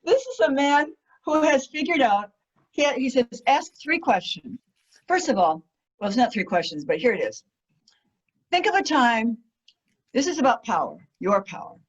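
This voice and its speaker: A woman giving an enthusiastic storytelling talk as a guest speaker, animated, laughing often, with many fillers. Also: high voice, normal speed, pauses often, breathy edge. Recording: muffled lo-fi audio.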